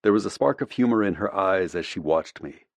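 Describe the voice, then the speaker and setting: A man narrating a first-person audiobook in a measured, reflective way, close to the mic. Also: deep voice, lively intonation, gravelly, dry recording.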